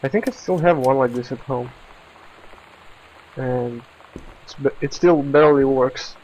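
A man's voice: mid-range voice, measured pace, long pauses, darkish tone, highs cut off. Man chatting over a game. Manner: reads in-game texts aloud, stumbling and laughing at them. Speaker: let's play gamer. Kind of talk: casual gameplay commentary.

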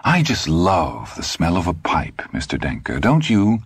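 A man reading an audiobook, voicing a sympathetic middle-aged housewife who talks in a breathy, eager-to-please way. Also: low-pitched, huge pitch swings, a little slow, no room sound, heavily acted. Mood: gushing.

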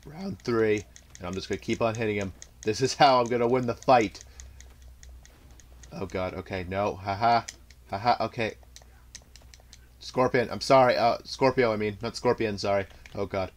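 A young man with a fairly low voice narrates his own fighting-game match out loud, jumping between muttered asides and bursts of trash talk. He laughs at his own jokes, and keyboard typing can be heard behind him. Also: moderate pace, pauses often. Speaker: gameplay commentator. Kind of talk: live gameplay commentary.

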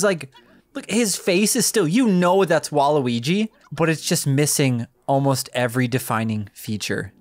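A woman giving casual gameplay commentary as a video game presenter, reacting aloud in an excitable way and laughing often. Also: low-pitched, no echo.

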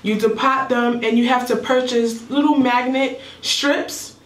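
A woman's voice: a little high, fairly even intonation, a little slow, recorded from a distance. A young woman vlogger walking through a makeup palette step by step in a casual, slightly mumbled tutorial. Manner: explains step by step while showing products. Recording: echoey room, voice away from mic.

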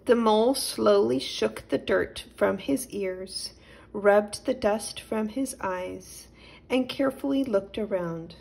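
Woman storyteller, children's story, very slow, gravelly, gentle. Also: mid-range voice. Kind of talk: reading a children's story aloud.

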